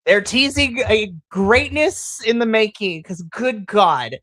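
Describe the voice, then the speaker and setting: Woman, podcast host, animated, gushing, laughs often, mid pitch, dry sound. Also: takes it slowly, no echo. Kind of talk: casual chat.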